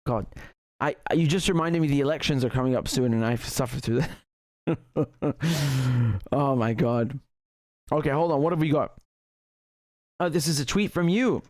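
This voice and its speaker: A man hosting a casual livestream, reading viewer messages aloud with lively, restarting speech. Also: mid-range voice, moderate pace, pauses often, no echo, studio quality. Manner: animated, frequent restarts and laughter. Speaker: livestream host reading super chats.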